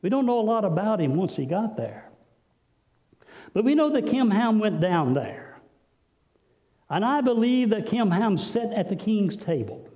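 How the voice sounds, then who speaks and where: A male preacher delivering a sermon, telling a story with dramatic swings between loud, high passages and hushed, low ones. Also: very animated, unhurried, pauses often. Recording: dull, lo-fi recording with long hall reverb.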